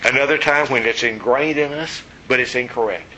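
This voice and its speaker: A man's voice: medium pitch, a little fast, slight background noise, poor audio. A man preaching a sermon in a conversational, teasing way, asking the congregation questions. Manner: conversational, teasing, animated storytelling. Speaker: pastor.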